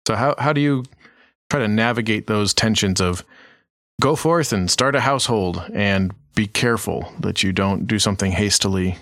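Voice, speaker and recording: A man hosting a casual podcast discussion, asking measured, thoughtful questions. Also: on the low side, fairly bright tone, no room sound, clean studio sound.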